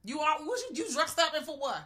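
A young adult woman co-hosting a casual movie review chat, animated and breaking into loud acted-out reactions. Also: sits high, fast talker. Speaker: podcast co-host.

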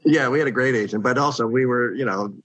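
A man's voice: mid-range voice, fast, no room sound, poor audio. A middle-aged man, a sitcom writer, telling show-business anecdotes in casual chat and acting out the people he quotes. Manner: animated storyteller who acts out quoted people.

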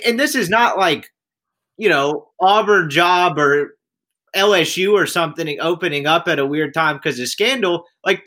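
A man co-hosting a casual sports podcast, asking leading questions. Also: on the high side. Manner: animated, asks leading questions. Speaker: podcast co-host.

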